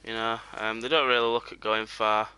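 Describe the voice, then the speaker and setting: Bright-voiced rambling male game streamer. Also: lowish voice, level tone, fairly quick, clear, resonant tone. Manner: rambling, heavy on fillers like "you know" and "um"; drops to a near whisper while sneaking up on game. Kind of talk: casual live gameplay commentary.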